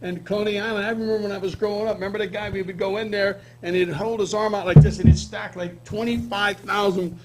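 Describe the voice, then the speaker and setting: High-voiced rambling male TV host. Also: steady tone, fast, few pauses, a little mellow, rough recording. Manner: rambling, jokey, restarts a lot. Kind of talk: casual chat. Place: local TV studio.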